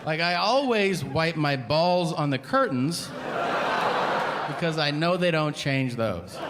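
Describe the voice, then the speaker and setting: On a theater stage before a live audience, a middle-aged comedian narrates a story slowly in a somewhat high voice full of lively intonation, acting out each side of the exchange. Reverb from the hall and audience noise come through.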